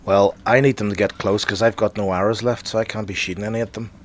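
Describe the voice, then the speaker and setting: Gamer guy, lowish voice, plans ambushes, says sorry a lot. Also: steady tone, fast talker, slight background noise. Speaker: player. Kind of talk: casual game chat.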